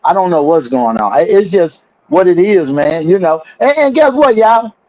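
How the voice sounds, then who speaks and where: A man's voice: high-pitched, big pitch swings, darkish tone, lo-fi sound. A man in casual podcast chat who rambles, repeats words and drags out his points. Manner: rambling, repeats himself, drawn-out asides. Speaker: podcast co-host.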